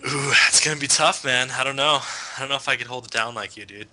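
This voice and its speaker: A man's voice: medium pitch, fast talker, bright, forceful tone. A man casting esports in casual, teasing co-commentary banter. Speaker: esports caster.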